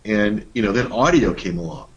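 A man's voice: fairly low pitch, moderate pace, husky, muffled recording. A middle-aged man co-hosting a workshop, talking in a casual, folksy way with playful emphasis. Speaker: workshop co-host. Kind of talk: casual teaching talk.

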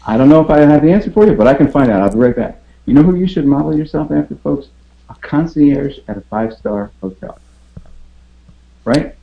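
A man's voice: a little high, expressive, fairly quick, creaky. Guy hosting a motivation talk, emphatic, lots of rhetorical questions, a bit muffled lo-fi sound. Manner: emphatic, fires rhetorical questions, stammers repeated words. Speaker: podcast host.

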